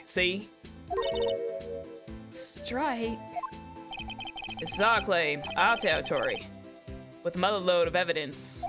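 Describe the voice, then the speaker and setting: Woman putting on a swaggering cowboy lawman. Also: mid-range voice. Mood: threatening. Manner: Southern drawl, swaggering threats. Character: cocky male cowboy lawman with a drawl. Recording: loud game music behind. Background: game music.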